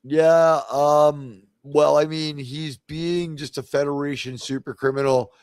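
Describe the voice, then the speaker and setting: A man's voice: on the high side, steady tone, measured pace, a little mellow, clean tone, no room sound. A man hosting a casual livestream chat, rambling with lots of fillers and restarts. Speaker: podcast host.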